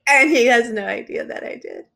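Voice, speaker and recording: A woman's voice: on the high side, wildly swooping pitch, moderate pace, gravelly, bright, forceful tone. A woman co-hosting a podcast in casual chat, teasing her partner and laughing often. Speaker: podcast co-host.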